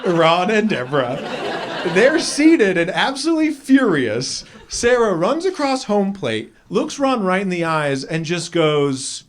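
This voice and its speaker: A man's voice: high-pitched, unhurried, noisy background. A man performing stand-up comedy on a club stage, telling stories and acting out characters in a raised voice. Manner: animated storytelling, acts out characters with raised voice. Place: comedy club stage before a live audience. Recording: live club audience laughter.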